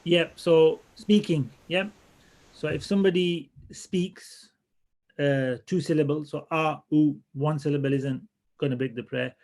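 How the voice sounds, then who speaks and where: A man teaching a religious class in a relaxed, conversational way, often restarting his sentences as he thinks aloud. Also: fairly high pitch, unhurried. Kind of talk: casual classroom lesson.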